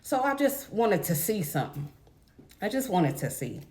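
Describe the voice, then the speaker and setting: A woman's voice: mid-range voice, big pitch swings, moderate pace, darkish tone. A young adult woman telling a story in a casual, blunt, profane rant to her viewers. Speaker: vlogger.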